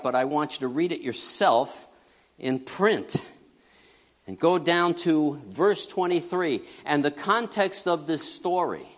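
A middle-aged man preaching a conversational sermon, animated and joking, swinging between loud bursts and hushed asides. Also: fairly high pitch. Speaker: pastor. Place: church sanctuary. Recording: long reverb of a large church hall.

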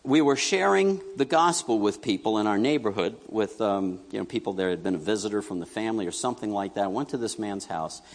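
Preaching in a space with big-room acoustics, a middle-aged pastor with a fairly low voice tells lively stories in an easygoing way. He dramatizes the quotes as he delivers them.

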